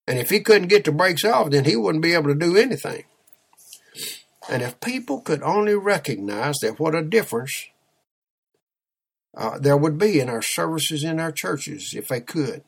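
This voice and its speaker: A man's voice: on the high side, lively intonation, normal speed, creaky, breathy edge. A man preaching a sermon, telling a story in an emphatic, exhorting way.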